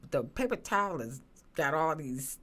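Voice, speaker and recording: A woman telling her personal story as a guest, earnest and halting, with many restarts and fillers. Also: sits low, big pitch swings, fairly bright tone. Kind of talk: emotional personal testimony.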